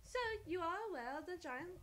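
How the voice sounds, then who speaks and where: A woman's voice: very high voice, fairly quick, heavy background noise. Marie Peanut Butter, a young woman putting her on. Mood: hammy. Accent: put-on French. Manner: playful, grandly storytelling. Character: theatrical French woman heading an occult school. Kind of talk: reading game dialogue aloud.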